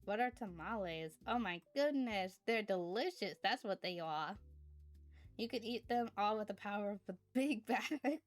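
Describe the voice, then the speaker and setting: A woman's voice: medium pitch, lively intonation, a little slow, faint music behind. A woman streamer in casual chat, rambling from topic to topic and thanking her chat viewers.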